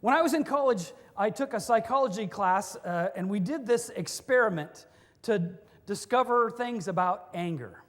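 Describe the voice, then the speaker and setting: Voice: mid-range voice, lively intonation, normal speed. A pastor giving a sermon in a conversational way, mixing in humorous stories. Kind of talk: sermon with storytelling. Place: church. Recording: long reverb of a church hall.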